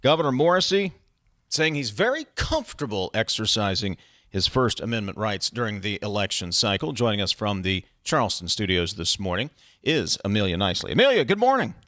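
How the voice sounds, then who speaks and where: A man's voice: fairly low pitch, very animated, fairly quick, fairly bright tone, no echo. A man hosting a talk radio show from a studio, with an upbeat, emphatic delivery into a close microphone.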